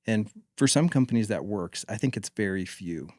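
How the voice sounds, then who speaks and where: A man's voice: on the low side, lively intonation, normal speed, a little mellow, no echo, clean studio sound. A man from North Carolina, a podcast guest who talks about marketing in a thoughtful, opinionated way and says he mumbles. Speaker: guest, former marketing executive. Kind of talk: casual podcast conversation.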